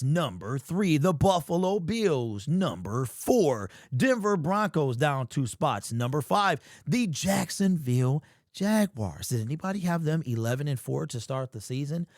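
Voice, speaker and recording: A man hosting a sports fan vlog, talking in casual, animated commentary with slangy, emphatic exclamations. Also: on the high side, measured pace, dry recording, studio quality. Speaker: sports fan channel host.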